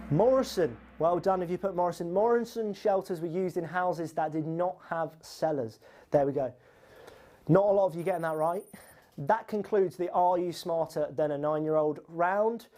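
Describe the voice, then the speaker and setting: A host runs a live online quiz, teasing players and cheering on the leaders. The voice is mellow and relaxed, with an easy, even pitch. A little music plays faintly underneath. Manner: chatty, teasing, upbeat.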